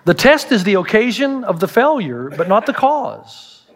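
A man's voice: high-pitched, sing-song, moderate pace. A middle-aged man, a pastor preaching a sermon with humorous storytelling.

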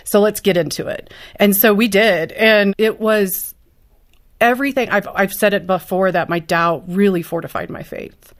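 A woman's voice: medium pitch, fairly even intonation, normal speed. A woman as an interview guest, a mother of a child with special needs, answering in an earnest, emotional and open way.

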